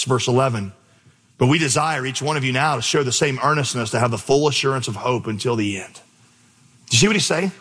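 A man's voice: mid-range voice, a bit bright, husky. Man preaching a sermon in a reverberant hall. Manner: storytelling, emphatic, repeats for effect. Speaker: pastor. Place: church auditorium with stage.

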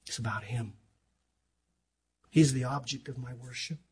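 An older man pastor preaching an impassioned sermon. He swings between loud declarations and quiet asides and acts out stories. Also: mid-range voice, measured pace, husky. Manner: impassioned, rising and dropping sharply in volume, acts out stories.

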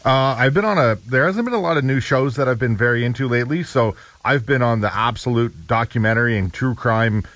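A man co-hosting a casual chat, talking in a relaxed, conversational way. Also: mid-range voice, brisk, hardly any pauses, dry recording. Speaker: co-host.

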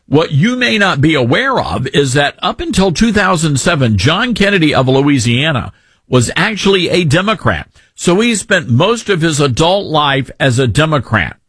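Husky, animated Southern talk radio host. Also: male voice, a little high, normal speed, dry recording. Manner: sarcastic, ranting, animated.

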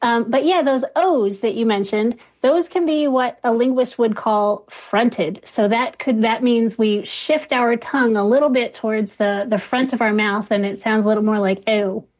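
A woman research professor, a guest on an interview, explaining in a clear, measured way. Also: a little high, darkish tone.

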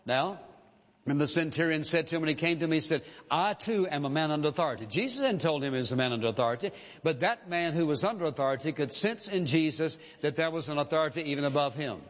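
A man preaching a sermon with emphasis, repeating key phrases and slowing down to quote scripture. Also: on the high side, lively intonation. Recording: dull recording with long reverb.

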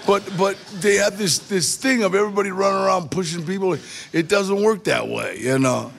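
A man's voice: high-pitched, brisk, fairly bright tone, slight background noise. A man telling a personal story in a casual way, acting out short bits of dialogue between himself and others. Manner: gravelly, acts out dialogue in short quoted exchanges. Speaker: guest telling his life story.

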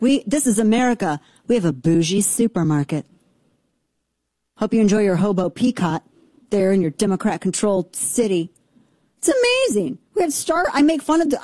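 A woman's voice: mid-range voice, warm tone, dry recording. A woman from rural Missouri hosting an opinionated political commentary show, talking in a sarcastic, emphatic and mocking way.

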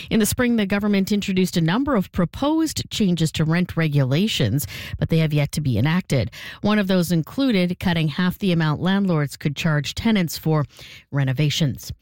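Woman reading the radio news, lowish voice, calm and measured, dry studio sound. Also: no echo. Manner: steady, measured newsreading. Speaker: radio newsreader.

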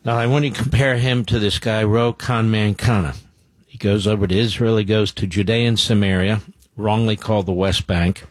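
Husky low guy ranting on talk radio, blunt, dry studio sound. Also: steady tone, moderate pace, no room sound. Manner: blunt, combative. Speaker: radio talk show host. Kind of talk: opinionated talk radio monologue.

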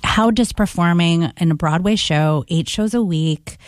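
A woman interviewing an actress, asking relaxed, chatty questions. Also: fairly low pitch, measured pace, no echo, clean studio sound.

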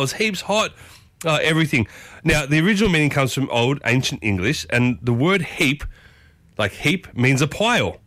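A man with an Australian accent hosting a morning radio show, chatty and upbeat, often jumping up in pitch. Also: pushed and bright, dry recording. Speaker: radio host. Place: radio studio. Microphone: studio microphone.

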